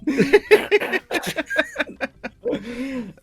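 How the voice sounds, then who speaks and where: A man's voice: very high-pitched, huge pitch swings, very slow. A man telling a long funny story on a podcast panel, laughing often as he goes. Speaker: panel guest, former game hotline worker.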